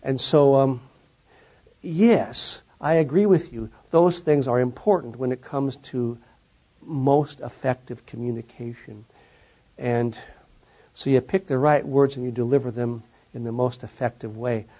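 A man lectures and fields questions from the audience, his medium-pitched voice moving at a measured pace. His sentences fall at their ends and rise on key points. The recording is dull and lo-fi.

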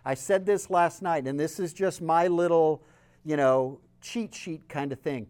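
A man with a Southern accent giving a sermon-style teaching talk, telling stories earnestly and swinging between loud emphasis and soft, quiet lines. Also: fairly high pitch, a little slow, smooth. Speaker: speaker.

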